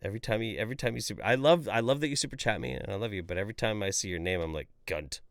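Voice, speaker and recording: A man hosting a livestream, reading out viewer chats and ranting about them with profanity and exasperation. He swings between loud outbursts and mumbled asides. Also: lowish voice, rapid-fire, gravelly, dry recording, studio quality. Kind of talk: livestream commentary.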